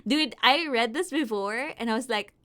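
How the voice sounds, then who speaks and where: A woman streaming a game live, reading its lines aloud and joking playfully between them, often breaking into excited repeated words. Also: on the high side, normal speed. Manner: playful and giggly, jokes between read lines.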